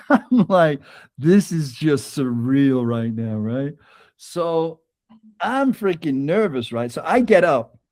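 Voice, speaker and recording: A man's voice: on the high side, very animated, takes it slowly, darkish tone. A man guest on an interview podcast, telling a personal anecdote with frequent laughs and "right?" tags. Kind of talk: conversational storytelling interview.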